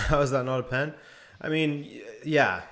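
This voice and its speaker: Here a young man speaks at a normal speed in a mid-range voice as host of a live watch-along stream. He calls the match casually and mixes in responses to his chat.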